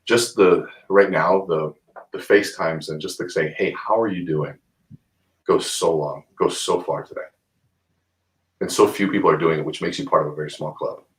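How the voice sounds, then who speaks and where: A man's voice: low-pitched, steady tone, normal speed, rough recording. A man being interviewed on a live video call, telling stories with energy and giving earnest, urging advice. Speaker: guest speaker on mindset.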